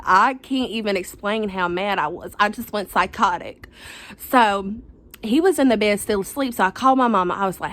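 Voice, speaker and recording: A woman's voice: medium pitch, animated, moderate pace, fairly bright tone. A young woman, telling a personal story to the camera in a chatty, dramatic, slangy way. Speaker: vlogger.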